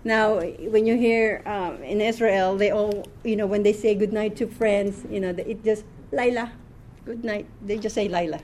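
A woman's voice: mid-range voice, fairly even intonation, normal speed, few pauses, a little mellow, slight background noise. A woman teaching a class, patient, repeating words and checking in with frequent questions. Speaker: Hebrew teacher.

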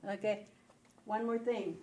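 A woman's voice: medium pitch, fairly even intonation, unhurried, mellow. A woman teaching a Hebrew reading class, patiently checking that her students follow along. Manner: patient, checks understanding with "okay?". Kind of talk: classroom lesson.

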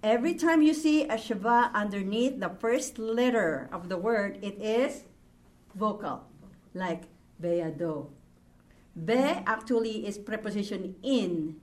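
A woman's voice: medium pitch, measured pace. A woman teaching a language class, patiently repeating words and explaining rules to her students. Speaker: Hebrew teacher.

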